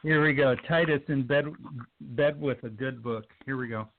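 A man hosting an online radio poetry show, introducing guests and shout-outs with upbeat enthusiasm. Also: medium pitch, moderate pace, vocal fry. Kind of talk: casual call-in radio chat. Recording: tinny phone line.

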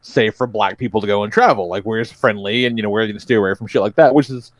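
A man's voice: fairly low pitch, fast talker, no room sound. A man hosting a podcast, chatting casually in a rambling way and swearing freely. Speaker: podcast host. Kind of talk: casual chat.

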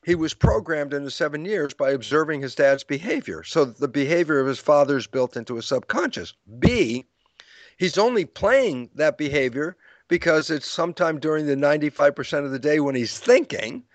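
A man's voice: a little high, animated, normal speed, no room sound. An older man explaining ideas in an interview, acting out his own lecture stories with quoted dialogue and frequent laughs. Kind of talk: storytelling explanation in conversation.

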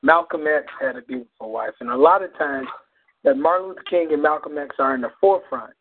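A man co-hosting a radio show who chats casually, then performs a spoken-word poem with animated, repeated phrases. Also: fairly high pitch, brisk, a little hiss or hum. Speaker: radio co-host and poet. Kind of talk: casual chat and spoken-word poetry reading. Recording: tinny phone-like sound.

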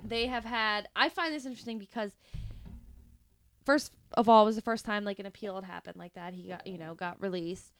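A woman's voice: medium pitch, fairly even intonation, brisk, no echo. A woman co-hosting a podcast, chatting casually about a true-crime case and laughing often through joking banter. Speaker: podcast co-host.

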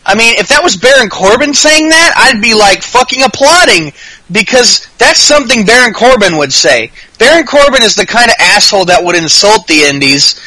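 A man co-hosting a podcast, chatting casually about wrestling in a profane, animated rant. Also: high-pitched, normal speed, no room sound, poor audio. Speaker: podcast co-host.

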